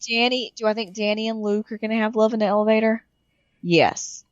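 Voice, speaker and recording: A woman co-hosts a podcast while getting over a cold, so her voice sits lower than normal. She rambles, stacks restarts and laughs between thoughts. The recording is dry and close, with a slightly dull, muffled top end. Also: steady tone, a little fast, dry recording. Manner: rambling, self-interrupting, laughing. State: sick, voice deeper than usual. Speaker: podcast co-host. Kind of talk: casual chat.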